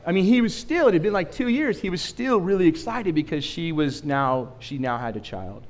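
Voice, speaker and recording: Male pastor, animated storyteller, slightly high voice, long hall reverb. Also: normal speed. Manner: animated storytelling with asides to the room. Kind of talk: sermon.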